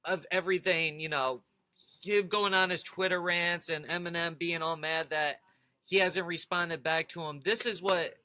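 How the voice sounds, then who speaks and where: Very bright energetic male radio host. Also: on the high side, moderate pace, no echo. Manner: loose, casual, energetic. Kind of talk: casual chat.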